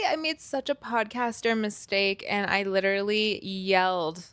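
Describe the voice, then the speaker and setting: A woman's voice: mid-range voice, unhurried, hardly any pauses, faint music behind. Chatty woman podcast host. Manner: chatty and animated, swears casually. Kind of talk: casual solo podcast chat. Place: room that sounds a little echoey. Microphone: built-in device mic, external microphone left unplugged.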